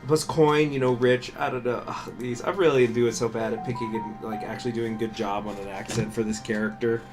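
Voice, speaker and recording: A man's voice: fairly low pitch, fairly even intonation, fairly quick, over music. A man hosting a gaming channel, giving loose, self-mocking commentary while he plays. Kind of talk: casual game commentary.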